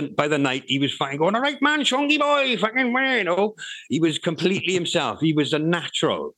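A man's voice: lowish voice, fairly bright tone, no echo, low-quality recording. A middle-aged man, telling stories in a casual interview, rambling with restarts and swearing freely. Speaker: interview guest, rapper.

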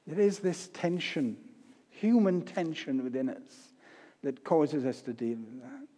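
An older man giving a sermon, telling stories with humor and swinging between loud and soft delivery. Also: mid-range voice, expressive, unhurried. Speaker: preacher. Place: church. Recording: long reverb of a church hall.

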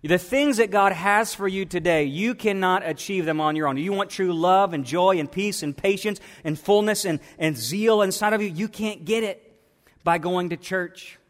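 High-voiced pastor preaching in a reverberant hall. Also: male voice, moderate pace. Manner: preacherly, swings from soft to emphatic. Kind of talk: sermon.

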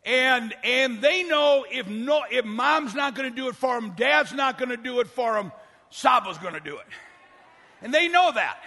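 An older man preaching a sermon as pastor, shouting often and rushing through quick asides. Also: very high voice, lively intonation, creaky, in a large hall.

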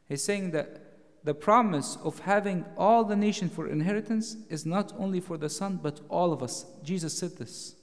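A man preaching a sermon in a church, explaining scripture and rising to louder emphasis on key phrases. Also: high-pitched, normal speed, in a large hall.

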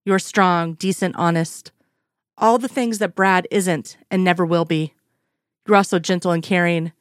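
Frank, strong-willed woman, read by a woman, lowish voice, dry. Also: steady tone, unhurried, no echo, close to an everyday voice. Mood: tender. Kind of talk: fan fiction read aloud.

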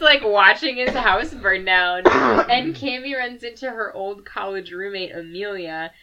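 A woman co-hosting a podcast, retelling a book plot in casual chat, animated and full of laughter and filler words. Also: mid-range voice, measured pace, muffled recording, over a noisy crowd. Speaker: podcast co-host.

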